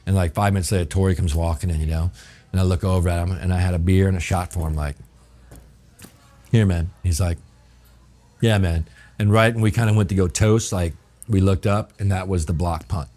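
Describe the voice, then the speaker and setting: A middle-aged man from New Orleans spins a long story in a low, deep voice, with a New Orleans accent. He rambles and swears freely and fills every pause with "you know" and "I'm like.". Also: steady tone, dark tone. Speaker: chef telling his story as a guest. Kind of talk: casual storytelling.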